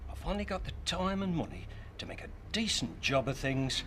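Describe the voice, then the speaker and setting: An actor playing a proud, hardworking middle-aged husband who talks in a plain, determined way. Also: male voice, fairly high pitch, very animated, a little fast, fairly bright tone, slight background noise. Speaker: husband building a house extension.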